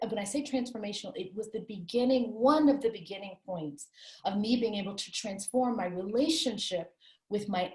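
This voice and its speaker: A woman's voice: medium pitch, a little mellow. A woman being interviewed, telling a personal story in an earnest, reflective way. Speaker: author interviewed as guest. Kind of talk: candid conversational interview. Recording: roomy echo.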